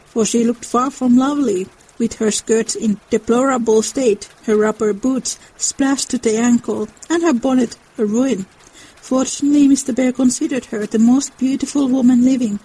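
Woman narrator for a dramatic reading; expressive, measured, mellow and slightly breathy. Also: fairly high pitch, poor audio. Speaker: reader. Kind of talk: dramatic reading of a classic novel.

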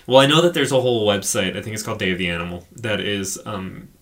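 A man with a fairly low voice co-hosting a film podcast. He rambles through his points in loose, casual speech, swearing freely and filling gaps with "like" and "uh." The talk is relaxed and conversational. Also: fast talker. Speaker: podcast co-host.

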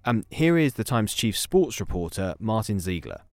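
A man co-hosting a daily news round-up podcast, chatting in a lively way and laughing easily. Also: fairly low pitch, moderate pace, no echo. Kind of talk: upbeat news round-up chat.

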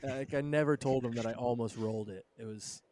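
A man's voice: mid-range voice, fairly quick, darkish tone, a little hiss or hum. A man in his thirties, a podcast co-host, telling a road story in a casual, laid-back way with lots of "dude" and "bro". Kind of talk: casual chat.

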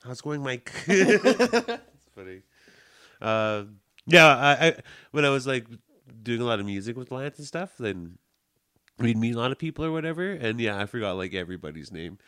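A man's voice: medium pitch, sing-song, normal speed, pushed and bright, clear, resonant tone. A young man, a podcast co-host, in loose, joking casual chat, often calling people "man" and "bro".

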